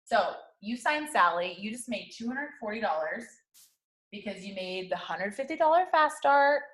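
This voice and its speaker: High-energy woman coaching her sales team. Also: lively intonation, normal speed, a bit bright. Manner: high-energy, repetitive, slangy, keeps asking "okay?". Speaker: network marketing team leader. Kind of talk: motivational talk to camera.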